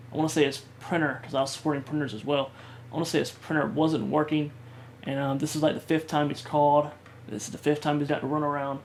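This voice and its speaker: A man vlogger telling a personal story in a halting way, with many fillers and restarts. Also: fairly high pitch, slight background noise.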